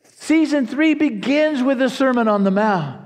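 A man preaching a sermon to his congregation, earnest and animated, often restarting his phrases. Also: very high voice, unhurried, long reverb tail. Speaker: pastor.

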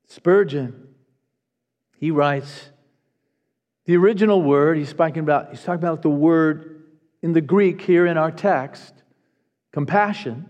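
High-voiced male preacher in a reverberant hall. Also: unhurried, pauses often, a little mellow. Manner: emphatic, earnest preaching with repetitions. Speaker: pastor. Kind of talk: sermon. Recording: long reverb of a large hall.

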